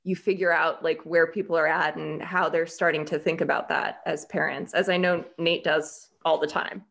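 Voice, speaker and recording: A woman co-hosting a podcast in casual chat, telling stories in an animated way with many "like" fillers. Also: sits low, moderate pace, gravelly. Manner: animated, storytelling, frequent "like" fillers. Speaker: podcast writer and co-host.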